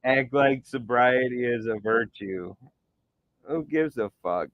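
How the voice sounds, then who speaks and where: A man rants in a slow, unhurried drawl, swearing and sneering as he comments on screenshots. His voice is smooth and resonant. The recording is dry and a bit dull, with a lo-fi edge. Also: medium pitch, lively intonation, no echo. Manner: profane, scornful ranting. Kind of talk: ranting commentary over screenshots.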